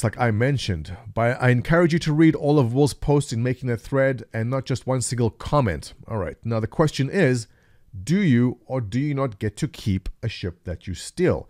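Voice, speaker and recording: A man's voice: medium pitch, a little mellow, no echo. Male gaming news host, mid voice, wry and sarcastic, dry close-mic read. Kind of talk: casual gaming news commentary.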